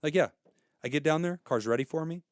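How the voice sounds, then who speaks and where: A middle-aged man and podcast co-host, telling an animated, profane story and acting out the people in it. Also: on the high side, brisk, dry recording, clean studio sound. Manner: profane, ranting, acts out quoted people. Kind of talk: casual chat, animated storytelling.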